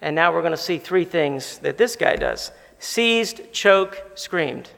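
High-voiced preaching man, hall reverb. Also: gravelly. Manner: animated preaching, slows for emphasis, asks the audience questions. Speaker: pastor. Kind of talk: sermon. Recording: long reverb of a large hall.

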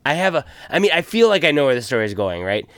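A man co-hosting a podcast in casual chat, laid-back and quick to chuckle. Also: fairly high pitch, sing-song, fairly bright tone, no echo. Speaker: podcast co-host.

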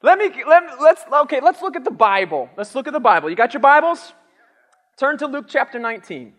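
High-voiced preacher in a reverberant hall. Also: male voice, fairly quick. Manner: animated, acts out the king's lines with shouts. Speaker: pastor. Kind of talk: sermon.

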